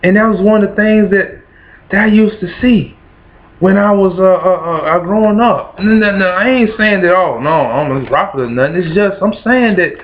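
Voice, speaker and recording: A man's voice: high-pitched, normal speed. A man from Kentucky with a Kentucky accent, preaching motivationally in a rhythmic, repetitive cadence. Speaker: host. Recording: dull lo-fi with music behind. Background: background music.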